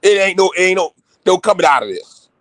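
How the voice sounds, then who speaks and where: A man talking loudly and excitedly in casual chat with rough, profane language. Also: sits high, quick pace, dry recording. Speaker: show regular.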